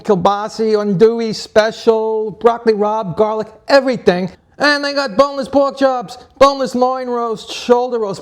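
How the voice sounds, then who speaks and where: Man, cooking show host, slightly high voice, jokey, chatty, casual, talks to the folks at home. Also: darkish tone. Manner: enthusiastic sponsor plugs.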